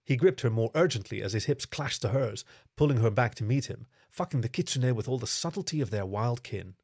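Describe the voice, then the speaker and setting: A man reading a story aloud in steady, even scripted narration. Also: medium pitch, a little fast, no room sound, studio quality.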